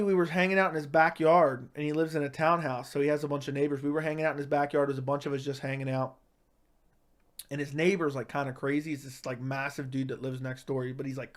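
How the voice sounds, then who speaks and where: A man telling a comic story in a deadpan tough-guy way, with lots of "right?" and "like". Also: fairly high pitch. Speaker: comedic storyteller. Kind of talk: casual storytelling monologue.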